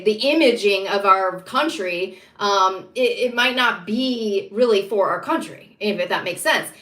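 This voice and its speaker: A woman's voice: fairly high pitch, fairly bright tone. A woman delivering an impassioned, emphatic political monologue, repeating herself and building to heated insistence. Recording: echoey room.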